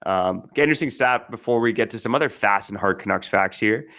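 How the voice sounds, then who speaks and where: A man's voice: on the low side, a little fast, a bit bright. A man co-hosting a sports podcast, talking in a casual, easygoing way with frequent hesitations. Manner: easygoing, hesitant with many fillers. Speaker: podcast co-host.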